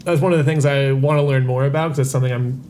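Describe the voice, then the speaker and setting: A man's voice: mid-range voice, steady tone, rapid-fire, a little mellow, a little hiss or hum. A man talking as a podcast guest, reflective and often correcting himself. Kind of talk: casual chat.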